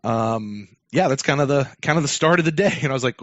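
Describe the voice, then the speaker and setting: A man's voice: mid-range voice, animated, a little fast, fairly bright tone, dry recording. Rambling man telling a podcast story. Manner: rambling, many fillers and restarts. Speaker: podcast host. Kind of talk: casual storytelling chat. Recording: dull lo-fi dry sound.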